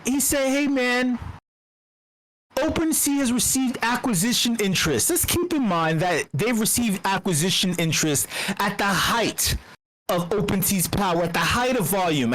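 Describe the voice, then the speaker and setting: A woman's voice: medium pitch, animated, moderate pace, a bit bright, low-quality recording. A woman giving a heated, profane rant in an online voice channel, blunt and repeating herself when she gets going. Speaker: speaker at a community meetup.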